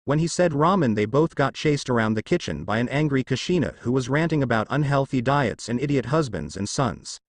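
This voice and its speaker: A man's voice: medium pitch, animated, a little fast, few pauses, no room sound. Man narrating a fan story, dry sound.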